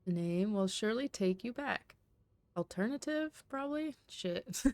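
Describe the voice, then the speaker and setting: A woman's voice: fairly high pitch, animated, a little slow, clean tone, dry recording, studio quality. A woman playing a game, chatting casually as she reads its text aloud, laughing and correcting herself as she goes. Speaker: game streamer.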